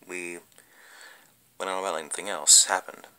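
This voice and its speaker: A man's voice: low voice, fairly even intonation, moderate pace, bright, forceful tone, clear, resonant tone, rough recording. A man casually narrating a creepy gaming story, rambling and cursing with lots of fillers. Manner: rambling, profane, full of fillers.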